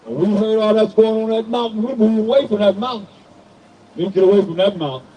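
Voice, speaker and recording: A man's voice: high-pitched, brisk, mellow, recorded from a distance, low-quality recording. A man preaching a sermon and calling out to people around him, reading scripture and challenging listeners. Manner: preaching to passersby, calling out to the crowd. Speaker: street preacher.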